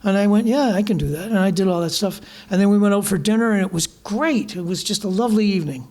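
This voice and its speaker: Canadian man telling lively stories. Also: high voice, quick pace. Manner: animated anecdotes, acting out quoted voices, laughing. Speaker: guest musician. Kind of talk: storytelling conversation. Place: small live music venue.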